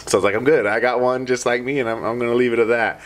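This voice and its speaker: A man hosting a podcast in casual chat, telling a story in a lively way and acting out what others said. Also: mid-range voice, racing. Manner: animated storyteller who acts out quoted dialogue. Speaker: podcast host.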